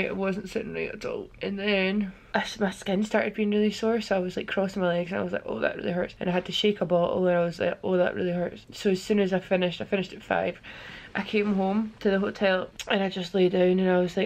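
A woman's voice: mid-range voice, creaky, darkish tone. A young woman vlogging to camera from a hotel room, chatty and candid while she feels unwell. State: feeling unwell. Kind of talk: casual vlog talking to camera.

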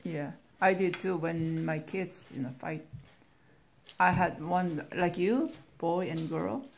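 A woman's voice: lowish voice, takes it slowly, gravelly. A middle-aged woman chatting casually with children as their conversation teacher, asking simple friendly questions and laughing often.

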